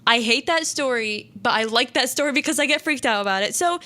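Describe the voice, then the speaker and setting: Young woman rambling thru a creepy story on her radio show, lots of "like", bright kinda sharp voice, pitched a bit high. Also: fairly quick. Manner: rambling, many "like"s and restarts, acts out quotes. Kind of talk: casual retelling of a horror story.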